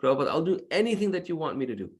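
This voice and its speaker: Desperate pleading young husband, raised high voice, put on by a male storyteller. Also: sing-song, racing, slightly rough. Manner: pleading, insistent.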